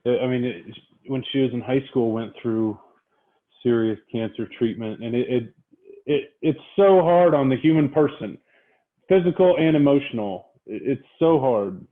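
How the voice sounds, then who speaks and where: A man's voice: mid-range voice, moderate pace. Man on a tinny phone-like line. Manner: sympathetic, brief affirmations. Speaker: podcast host. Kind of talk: interview.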